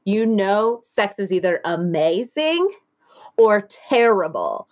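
A woman's voice: medium pitch, big pitch swings, slow, a little mellow. A young woman in casual podcast chat, blunt and profane, often laughing.

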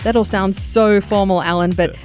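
A woman's voice: medium pitch, steady tone, moderate pace, a little mellow, faint music behind. A woman hosting a radio show from a studio, bubbly and upbeat with frequent laughs. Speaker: radio host. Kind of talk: casual radio talk.

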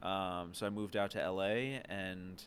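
A man's voice: deep voice, fairly even intonation, a little slow, a bit bright, slight background noise. A man in his late twenties from New York City, co-hosting a casual chat and talking with many fillers and restarts. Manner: chatty, hesitant with fillers. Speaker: podcast co-host.

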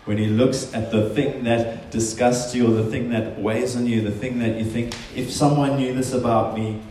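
A man's voice: medium pitch, fairly even intonation, moderate pace, mellow, a little hiss or hum. A man preaching a sermon, earnest and emphatic, often voicing quotations in a stronger tone. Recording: very echoey room.

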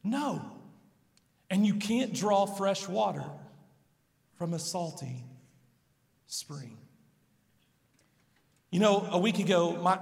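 A man's voice: sits high, a bit bright. A man preaching a sermon as a pastor, earnest and conversational, telling personal stories. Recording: long hall reverb.

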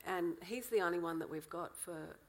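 Woman, low gravelly husky voice, lively explainer in an interview. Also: moderate pace, low-quality recording. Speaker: co-author. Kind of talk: conversational interview.

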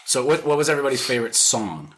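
A man hosting a casual podcast, joking and rambling his way through a hot-sauce tasting. His voice sits at an ordinary middle pitch. The recording carries clear background noise. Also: very animated, racing, a bit bright. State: tearful from spicy food. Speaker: podcast host. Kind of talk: casual chat while eating hot sauce. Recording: noisy home recording.

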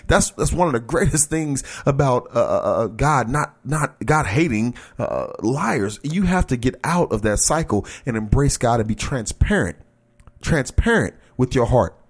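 A man's voice: mid-range voice, animated, normal speed. A man preaching an encouraging sermon, speaking earnestly and directly to his listeners and urging them on. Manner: earnest, exhorting, talks straight to listeners.

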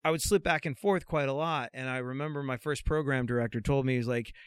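A middle-aged man with a slight Anglo-American accent, telling stories in a lively, jokey way in a casual chat. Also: medium pitch, fast, smooth, dry recording. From America, raised mostly in England. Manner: animated storyteller, jokey. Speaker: radio host guest.

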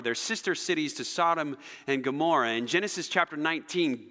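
A male pastor preaching a sermon, telling stories dramatically and swinging between loud emphasis and near-whispers. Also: fairly high pitch. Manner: animated, dramatic storytelling with shifts between loud and soft. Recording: long hall reverb.

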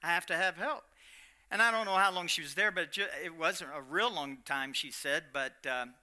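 Middle-aged man, sharp, animated sermon storytelling. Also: on the high side, fairly quick. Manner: animated, swinging from loud to hushed. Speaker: preacher sharing a testimony.

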